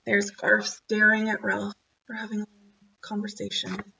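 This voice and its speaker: A woman's voice: mid-range voice, completely flat delivery, a little slow, vocal fry, sharp tone, recorded from a distance, highs cut off, a little hiss or hum. A woman reading a children's chapter book aloud, narrating expressively. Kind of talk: storybook read-aloud.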